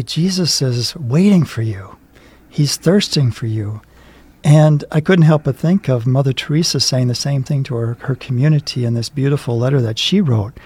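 A man co-hosting a religious talk show, speaking in a gentle, reflective way. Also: medium pitch.

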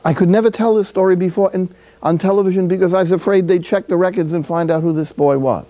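A friar from City, preaching a sermon through a lively personal story with acted-out dialogue. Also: male voice, sits high, fast talker. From Jersey City, New Jersey.

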